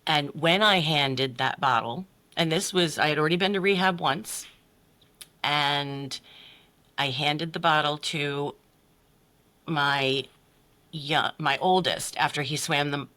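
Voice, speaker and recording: Podcast guest, woman, middle-aged, candid and blunt, bright forceful tone, swears, voices others. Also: low-pitched. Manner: blunt, swears freely, acts out quotes with big voices. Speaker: podcast guest, life coach. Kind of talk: candid personal story in conversation.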